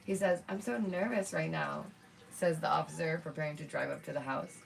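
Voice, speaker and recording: A woman's voice: low-pitched, fairly quick, vocal fry. A woman hosting a casual live stream from home, chatting to her viewers as "y'all" with lots of asides and small laughs. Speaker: streamer and channel host.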